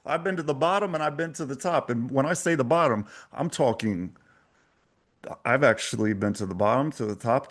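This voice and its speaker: A man talking as an interview guest, with intense, emphatic delivery. His voice is mid-pitched, and the preacher-like drive carries through his stories. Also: a bit bright. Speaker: podcast guest, coach. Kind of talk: candid interview talk.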